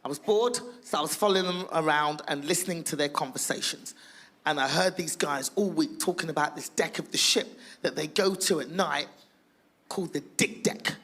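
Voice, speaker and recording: A woman from England, performing stand-up comedy as a comedian in a brash, profane way, acting out loud voices. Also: low voice, moderate pace, a little hiss or hum.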